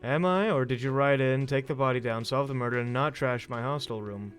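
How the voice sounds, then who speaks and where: A man's voice: mid-range voice, fairly quick, faint music behind, lightly acted. A man doing a sarcastic grumpy cafeteria manager. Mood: irritated. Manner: sarcastic, exasperated. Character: grumpy male cafeteria manager demanding payment.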